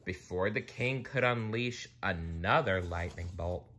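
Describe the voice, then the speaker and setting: A man reading a children's storybook aloud, expressive, with playful asides. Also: low voice, unhurried, a little hiss or hum. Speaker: narrator.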